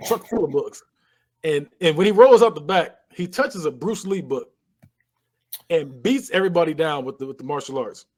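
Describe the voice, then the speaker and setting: Speaking at normal speed, this male podcast co-host has a high-leaning voice with a darkish tone. He animatedly recaps a movie scene by scene in casual chat, complete with sound effects and laughter.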